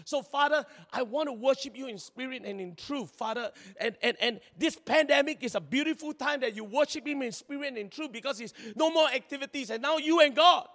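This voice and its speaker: A man preaching a sermon in a lively, chatty way, laughing often and acting out little scenes. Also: extremely high pitch, fairly quick, hardly any pauses. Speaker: pastor. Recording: long hall reverb.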